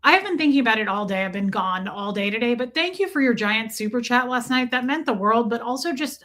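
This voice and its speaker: A woman's voice: fairly high pitch, lively intonation, brisk, few pauses. A woman hosting a casual live stream, chatting and greeting viewers one by one with teasing banter. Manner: chatty, teasing, warm toward chat. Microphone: streaming mic.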